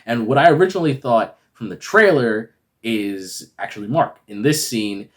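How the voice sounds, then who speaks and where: A man's voice: mid-range voice, animated, normal speed. A man giving a casual, rambling review that recaps a TV episode and is full of fillers. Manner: rambling, filler-heavy retelling. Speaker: video reviewer.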